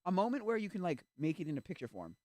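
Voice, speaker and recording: A male streamer in casual chat, rambling with restarts and acting out little quoted exchanges, sometimes breaking into loud rants. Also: high voice, sing-song, fast talker, dry recording. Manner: gets loud and ranting.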